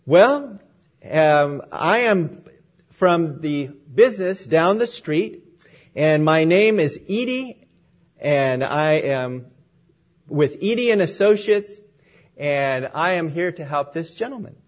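A man voicing a kindly, determined wealthy woman in a sermon story, speaking gently and earnestly. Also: on the high side, lively intonation, slow pace. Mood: calm.

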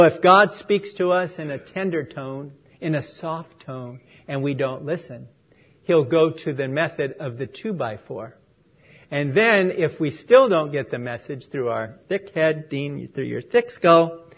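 A male preacher giving a sermon, telling a story and swinging between loud stresses and hushed lines. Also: on the high side, lo-fi sound.

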